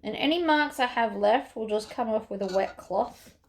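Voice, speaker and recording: A woman's voice: a little high, normal speed. A woman hosting a sewing tutorial, chatting casually as she works through each step.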